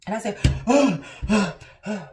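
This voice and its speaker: A woman's voice: lively intonation, unhurried, background noise. A woman vlogger telling a personal story to camera, emotional and at times tearful, acting out what people said with big swings in her voice. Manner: emotional, acts out quotes with big pitch jumps.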